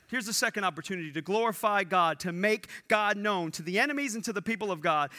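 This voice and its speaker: A man preaching a sermon in an animated way, acting out the lines he quotes. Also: sits high, fast, few pauses. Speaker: pastor.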